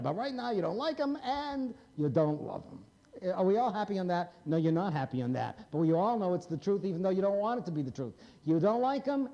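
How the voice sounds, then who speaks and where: A mellow-toned man in his fifties lectures a live audience, blunt and wry, his pitch swinging up and down as he prods the listeners with questions. The recording is dull and lo-fi. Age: 50s. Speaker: psychiatrist lecturer.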